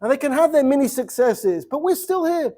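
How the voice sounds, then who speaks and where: A middle-aged man, a rabbi, giving an informal lecture to students, lively and repetitive, dropping Hebrew words into his English. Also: very high voice, brisk. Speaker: rabbi teaching a seminary class. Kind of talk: informal Torah lecture with storytelling.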